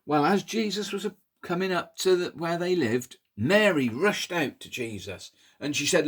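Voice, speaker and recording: A man telling a Bible story to toddlers in an animated, sing-song way, coaxing the children to pull faces. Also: a little high, normal speed, hardly any pauses, husky.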